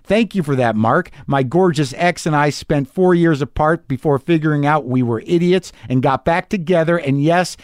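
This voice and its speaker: A man's voice: a little high, no room sound, clean studio sound. A middle-aged man hosting a podcast, reading listener emails aloud and riffing in a loose, profane, rambling way with lots of restarts. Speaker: podcast host.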